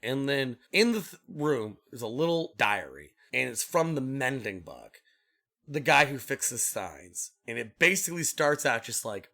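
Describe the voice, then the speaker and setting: A young man co-hosting a podcast, chatting casually. His voice is bright and swings widely in pitch. He tells stories with lots of laughter and acts out other people's lines. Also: measured pace, gravelly. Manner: animated storyteller who laughs often and acts out quotes. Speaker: podcast co-host. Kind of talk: casual chat.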